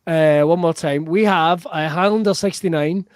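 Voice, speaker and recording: A high-voiced man hosts an improv show over a video call, laughing often and swearing in fun. His voice is close and dry, with no room sound. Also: moderate pace, clean tone, dry recording. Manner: giggly, swears playfully. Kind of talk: casual online improv show hosting.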